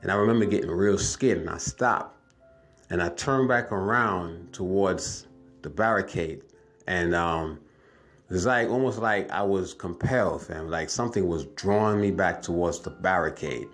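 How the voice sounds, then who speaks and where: A man with a very low, deep voice tells his story to viewers in loose, casual talk. He circles back, repeats phrases and calls his audience family. Faint music plays underneath. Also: moderate pace, fairly bright tone. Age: adult, has wife and kids. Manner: rambling, repeats himself, addresses viewers as family. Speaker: vlogger telling a dream.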